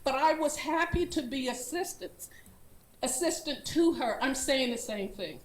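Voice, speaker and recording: A woman's voice: high-pitched, lively intonation, a little slow. An older woman speaking earnestly and unscripted during public comment at a school board meeting, with a laugh now and then. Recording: echoey meeting room.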